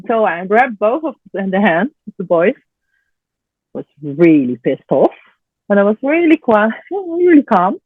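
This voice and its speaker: Lively mom on a tinny line. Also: female voice, mid-range voice, a little slow, long pauses, dry recording. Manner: animated and chatty, laughs often, searches for words. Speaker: program participant sharing her story. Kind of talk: casual interview storytelling. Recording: tinny phone-line audio, dry.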